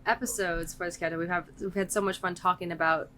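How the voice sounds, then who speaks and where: Upbeat woman co-hosting a podcast, low voice. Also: steady tone, quick pace, fairly bright tone. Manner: enthusiastic, upbeat. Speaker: podcast co-host. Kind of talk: casual chat.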